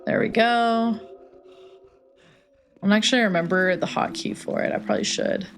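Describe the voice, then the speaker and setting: A woman's voice: mid-range voice, moderate pace, faint music behind. A young woman streaming a retro game, chatting casually, joking and answering chat. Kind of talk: casual live-stream chat while playing.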